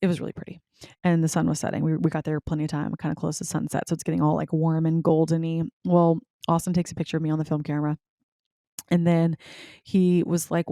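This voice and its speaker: Young woman podcast host, lower pitch, casual and animated storyteller, dry close mic. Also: no room sound. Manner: chatty, animated, filler-heavy with frequent "like".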